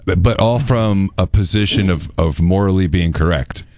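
A man's voice: sits low, moderate pace, a little mellow, no room sound, studio quality. A man in a casual conversation who chimes in and finishes the other speaker's sentences. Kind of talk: casual chat.

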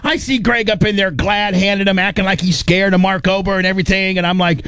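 A man in casual conversation, telling a lively story and acting out what others said. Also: high-pitched, brisk, hardly any pauses, no echo. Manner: animated, acts out quotes of others. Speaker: guest recounting a trial.

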